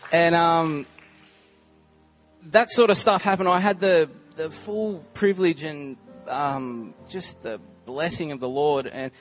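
A man's voice: a little high, takes it slowly, soft background music, some chatter behind. A young man in his twenties with an Australian accent, telling a humorous story in a casual sermon and filling his sentences with "like" and "um". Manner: chatty, humorous storytelling with many "like" and "um" fillers. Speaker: visiting preacher.

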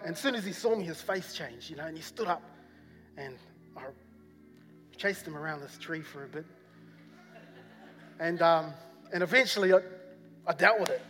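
A man from New Zealand with a New Zealand accent, preaching a sermon as a rambling personal story full of fillers and repeats. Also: high-pitched. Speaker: pastor. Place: church hall. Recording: long church hall reverb with faint music.

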